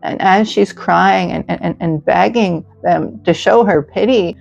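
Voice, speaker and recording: A woman hosting and narrating a calm bedtime story in a gentle, soothing way, over dull audio with faint music. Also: lowish voice, a little slow, gravelly. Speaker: host and narrator.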